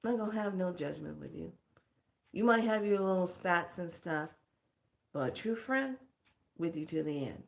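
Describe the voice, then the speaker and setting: A woman's voice: on the low side, lively intonation, normal speed, gravelly, pauses often. A middle-aged woman giving a casual spiritual pep talk as a teacher, speaking frankly and expressively and laughing often.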